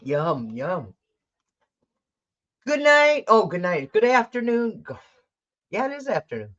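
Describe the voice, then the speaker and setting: A woman's voice: on the high side, very animated, normal speed, fairly bright tone, dull audio. A woman hosting a tarot channel, chatting casually with blunt, profane, rambling talk and coughing now and then. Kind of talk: casual livestream chat.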